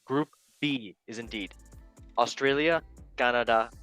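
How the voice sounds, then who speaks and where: A man hosting a casual sports podcast, joking around and swinging between loud and quiet. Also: mid-range voice, unhurried, soft background music. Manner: goofy, playful, jumps between loud and quiet. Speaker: podcast host. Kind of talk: casual sports show banter.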